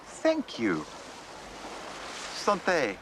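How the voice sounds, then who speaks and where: An actor playing a vain, fastidious middle-aged Belgian detective with a Belgian French accent, speaking precisely and a little pompously in a period TV drama. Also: male voice, a little high, wildly swooping pitch, very noisy, heavily acted. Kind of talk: 1980s-90s TV period drama acting. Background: background score.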